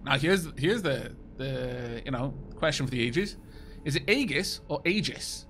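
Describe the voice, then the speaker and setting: A Welsh man chatting quickly and casually with his viewers while he plays a game, poking fun at himself as he goes. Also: mid-range voice, animated, fairly bright tone, faint music behind. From Wales. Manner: fast-talking, chatty, self-mocking. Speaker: game streamer. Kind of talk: casual live-stream chat over gameplay.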